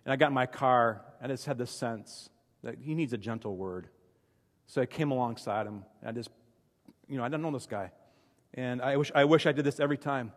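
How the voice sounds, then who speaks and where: A man's voice: mid-range voice, a little fast, big-room sound. A man preaching a conversational sermon, telling personal stories in a chatty, self-deprecating way with frequent restarts.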